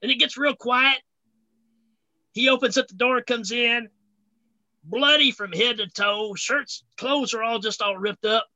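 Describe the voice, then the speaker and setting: A man co-hosting a casual chat, an animated storyteller who tells a long joke. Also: very high-pitched, a little slow, long pauses, no echo, lo-fi sound.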